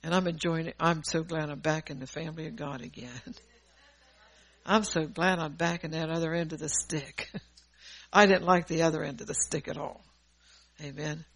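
A woman's voice: low voice, steady tone, normal speed, low-quality recording. A middle-aged woman preaching a sermon in a fervent, conversational way, laughing between points.

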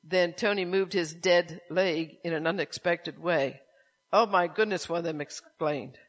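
A man's voice: on the high side, fairly even intonation, a little slow. A man preaching, reading a testimony aloud and then pressing listeners with rhetorical questions. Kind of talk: sermon with story reading.

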